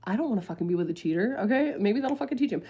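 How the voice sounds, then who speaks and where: A woman's voice: mid-range voice, lively intonation, racing, warm tone, slightly rough, muffled recording. A woman in her twenties telling a story casually to the camera, profane and rambling, with lots of fillers.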